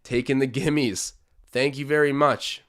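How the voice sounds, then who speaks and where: A young man from Canada hosting a live basketball watch-along, calling plays and chatting with his viewers, animated and swinging from hype to groans. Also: mid-range voice, moderate pace. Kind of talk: excited live game commentary with chat.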